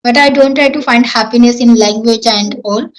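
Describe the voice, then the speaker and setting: A woman's voice: on the high side, normal speed, low-quality recording. A woman with an Indian accent answering questions in casual English practice, earnest and self-assured. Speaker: English-learning YouTuber.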